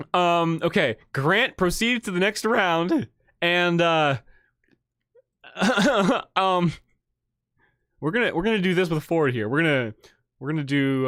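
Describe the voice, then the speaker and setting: A man hosting a livestream, reading an AI-written story aloud and reacting excitedly, often repeating himself. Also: a little high, no echo, clean studio sound. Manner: excitable, laughing and tripping over words. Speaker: livestream host.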